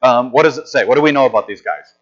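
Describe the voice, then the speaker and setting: A man's voice: medium pitch, quick pace. A middle-aged man preaching a sermon in a conversational, storytelling way with frequent restarts. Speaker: pastor. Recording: slightly dull lo-fi sound.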